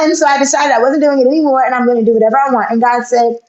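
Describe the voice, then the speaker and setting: A woman in her thirties, chatting as a guest and telling stories in an animated way, acting out the voices in her tales. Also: sits high, rapid-fire, few pauses. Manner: animated storyteller, acts out voices in her tale. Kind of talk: casual chat. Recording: echoey, dull lo-fi sound.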